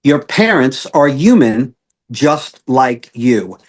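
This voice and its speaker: A man who is a guest self-awareness coach earnestly tells an emotional personal story, full of fillers and restarts. His medium-pitched voice is very animated, and he takes it slowly.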